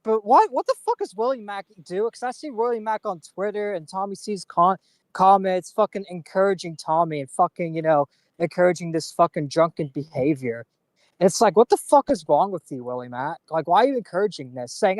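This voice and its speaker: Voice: mid-range voice, a little mellow, no echo, studio quality. Blunt, profane commentary co-host. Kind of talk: casual commentary chat.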